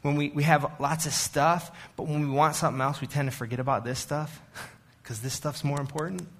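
A man's voice: a little high, fairly even intonation, brisk. A man, the church's arts director, giving a casual sermon talk in a chatty, self-deprecating way with many fillers and restarts.

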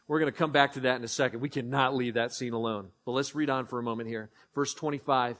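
A man's voice: mid-range voice, steady tone, fast talker, hardly any pauses, fairly bright tone. A man preaching a sermon in a conversational way, asking his listeners questions and acting out the scripture he reads. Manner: conversational, asks the audience questions, acts out scripture. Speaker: pastor.

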